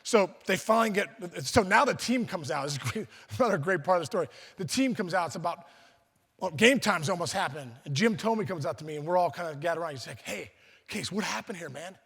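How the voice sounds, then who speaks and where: A middle-aged man from Pittsburgh tells stories in a high, bright voice, acting out the people he quotes and stumbling into quick restarts. His speech rings through a reverberant banquet hall. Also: animated, gravelly, husky. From Pittsburgh, USA. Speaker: guest speaker. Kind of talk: storytelling speech at a luncheon.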